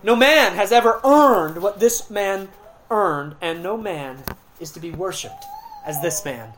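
A woman preacher delivering a sermon, slowing down to stress key words and swinging between loud emphasis and quiet, hushed passages. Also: medium pitch, expressive, background noise.

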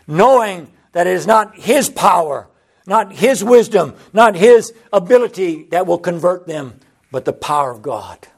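A man preaching a sermon, building passion through repeated phrases and Bible quotations. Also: creaky. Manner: impassioned, rising pitch on repeated phrases.

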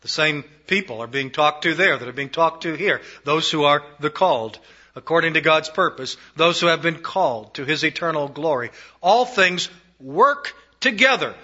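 Bright-voiced emphatic male preacher. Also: brisk. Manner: emphatic, swinging between raised declarations and hushed low phrases. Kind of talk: sermon. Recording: dull lo-fi recording.

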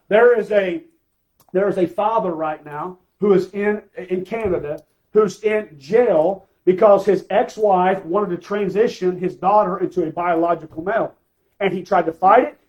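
High-voiced preacher guy, emphatic, keeps asking for amens. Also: rough recording. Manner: emphatic, calls for amens, swings loud and soft. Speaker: pastor. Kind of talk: sermon.

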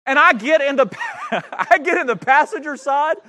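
A pastor telling a funny, self-mocking story during a sermon. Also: male voice, extremely high pitch, moderate pace, pushed and bright.

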